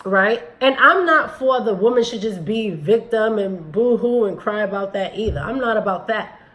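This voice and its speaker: A woman's voice: medium pitch, animated, moderate pace, fairly bright tone, poor audio. Blunt woman commenting on a video. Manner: blunt, critical, talks straight to viewers. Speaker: commentary channel host.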